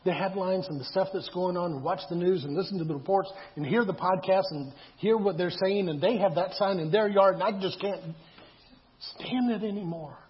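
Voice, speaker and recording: A man's voice: sits high, moderate pace. A man preaching a sermon in a conversational way, repeating himself and asking rhetorical questions. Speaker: pastor. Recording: dull lo-fi sound.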